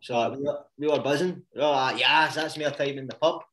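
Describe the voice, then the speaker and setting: A man's voice: medium pitch, fairly even intonation, fairly quick, fairly bright tone. Scottish man with a roomy echo. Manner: laid-back, joking, swears freely. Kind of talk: casual chat.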